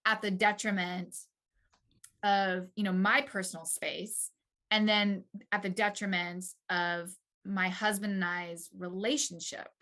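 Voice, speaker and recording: A woman's voice: medium pitch, fairly even intonation, measured pace, bright, forceful tone. A young woman, a mother, talking openly and hesitantly with restarts in a therapy session. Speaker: client mother.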